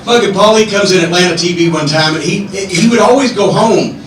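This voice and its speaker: Profane, animated man telling stories in an echoey club. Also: high-pitched, brisk, slight background noise. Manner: profane, animated, rambling anecdotes. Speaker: podcast host. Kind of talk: live podcast storytelling. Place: comedy club stage. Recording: echoey room from far off.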